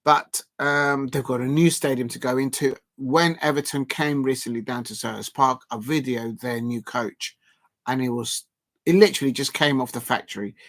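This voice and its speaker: A man's voice: mid-range voice, normal speed, a bit bright. A man hosting a casual football live stream, talking in a rambling, emphatic way with frequent restarts.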